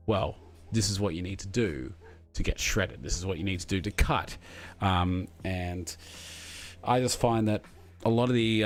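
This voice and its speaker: A man chatting casually as he reads out viewer messages, rambling and friendly with lots of fillers. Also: low voice. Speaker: streamer reading chat. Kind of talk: casual live chat.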